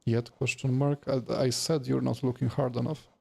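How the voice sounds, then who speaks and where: A tired man chats with viewers while streaming a game after work, rambling and cursing casually. His voice is gravelly and a bit husky. He talks in a flat, worn-out tone. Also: mid-range voice, normal speed. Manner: rambling, self-deprecating, swears casually. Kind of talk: casual gaming livestream chat.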